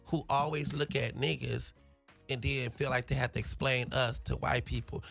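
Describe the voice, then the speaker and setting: Gravelly, brash male comedian. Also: mid-range voice, fairly even intonation, normal speed, faint music behind. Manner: brash, profane, swings into loud shouted bits. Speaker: guest comedian. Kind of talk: casual interview chat.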